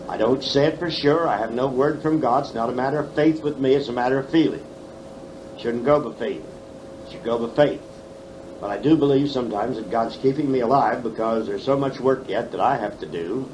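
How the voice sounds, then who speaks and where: A man in his seventies teaches scripture at a conference, hammering home points with rhetorical questions and dry folksy humor. The old tape carries a faint steady hiss behind him. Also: medium pitch. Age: 70s. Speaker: Bible teacher. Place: conference hall. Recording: faint background noise, 1979 tape.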